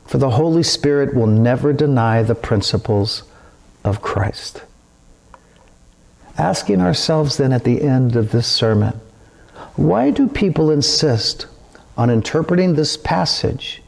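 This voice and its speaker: A male pastor giving a sermon, speaking deliberately with an animated, teaching inflection. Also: a little high, creaky.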